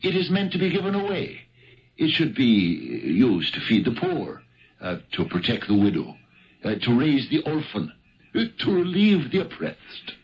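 An eager poor Irish husband pleads with a stammer, his pitch swooping wildly up and down. A 1970s radio play with a dull, lo-fi broadcast sound. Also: wildly swooping pitch, a little slow, husky, exaggerated voice. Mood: pleading. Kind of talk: 1970s radio drama acting.

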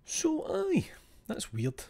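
A man's voice: very high-pitched, wildly swooping pitch, extremely slow, gravelly, warm tone. A Scottish man streaming, chatting casually with his viewers, blunt and freely swearing with chuckling asides. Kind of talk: casual chat with live chat.

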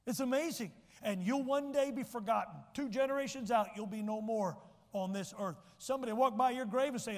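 A man's voice: sits high, normal speed, big-room sound. A man preaching a sermon as pastor, telling personal stories and building to emphatic lines. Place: church sanctuary.

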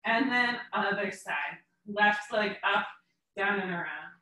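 A woman yoga teacher guiding a class through poses with calm, short breath cues, a little out of breath as she moves along. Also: mid-range voice, takes it slowly, distant mic. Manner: calm step-by-step cueing in short phrases. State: slightly out of breath. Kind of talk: guided yoga class instruction. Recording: echoey room, voice from away from the mic.

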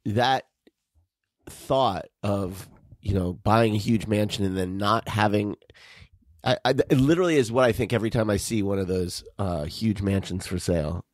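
A podcast co-host speaks in a low-ish, darkish voice at a moderate pace during casual chat, rambling and hesitant with many restarts. The recording is dry and studio quality.

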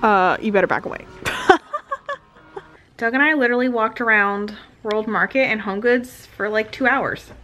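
A woman's voice: on the high side, lively intonation, measured pace, pushed and bright, faint music behind. A pregnant young woman hosting a casual vlog, chatty and giggly, filmed on a handheld camera in a car. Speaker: vlogger host. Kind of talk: casual chat.

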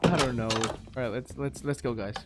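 A man hosting a casual gaming session with friends, talking in a goofy, excitable way and laughing often. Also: mid-range voice, moderate pace, faint music behind. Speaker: gaming channel host.

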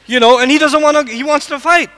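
A man from the United States, probably middle-aged, giving an animated religious lecture to a live audience, asking it questions and quickly reciting Arabic verses. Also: very high-pitched. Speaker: Islamic lecturer. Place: large lecture hall. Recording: long hall reverb.

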